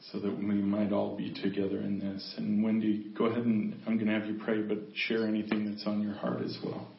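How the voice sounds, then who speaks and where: A man acting as pastor, calmly guiding the congregation into prayer. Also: fairly low pitch, fairly quick, gravelly, hardly any pauses, a little hiss or hum. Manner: calm, directs the congregation. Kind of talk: leading a church service. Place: church sanctuary. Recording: dull echoey church recording.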